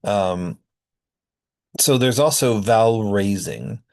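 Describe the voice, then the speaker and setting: Low-voiced male linguistics lecturer. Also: takes it slowly, creaky. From North America. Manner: explanatory, with frequent ums and uhs. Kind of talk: recorded lecture.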